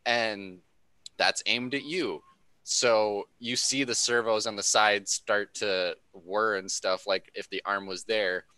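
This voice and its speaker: A man's voice: fairly low pitch, steady tone, slow, bright, forceful tone, smooth, dry recording, poor audio. A man running a tabletop mech game as game master, narrating the action with frequent laughs. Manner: laughing often while describing action.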